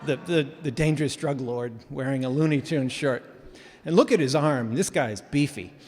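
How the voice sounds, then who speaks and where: A man telling a story live in a casual, animated way with self-mocking humor, heard in a reverberant hall. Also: mid-range voice, moderate pace, a little hiss or hum.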